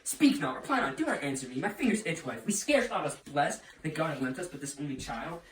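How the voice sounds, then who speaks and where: A man's voice: on the high side, lively intonation, fairly quick, distant mic, a little hiss or hum, lightly acted. A man playing a furious, domineering nobleman father in an amateur Shakespeare reading, with blustering, theatrical rants. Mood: raging. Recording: roomy echo, off-mic.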